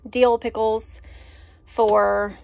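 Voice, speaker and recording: A woman's voice: a little high, level tone, drawn-out words, gravelly, dry recording. A woman, chatting casually and enthusiastically about her groceries, with lots of fillers. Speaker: vlogger showing a grocery haul. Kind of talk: casual chat.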